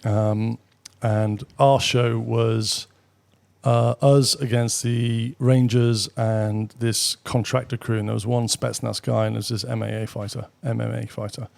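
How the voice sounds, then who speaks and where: A middle-aged British man, a guest on an interview show, telling anecdotes casually with quick asides and the odd swear. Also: mid-range voice, little pitch movement, vocal fry, a little mellow. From Britain. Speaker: guest, former military pilot. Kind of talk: casual storytelling.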